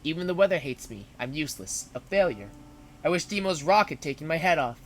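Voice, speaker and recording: A man reading aloud, voicing an outcast young girl who speaks low and hopeless. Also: lively intonation, fairly quick, slight background noise, natural voice. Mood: despairing. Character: outcast young girl, despairing and self-loathing.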